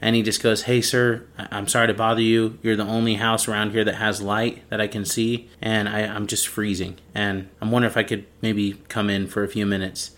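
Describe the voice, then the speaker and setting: A man co-hosting a podcast, telling a story in a casual, animated way and acting out the people in it. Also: fairly low pitch, fairly quick, few pauses. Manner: animated storyteller, acts out quoted voices. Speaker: podcast co-host.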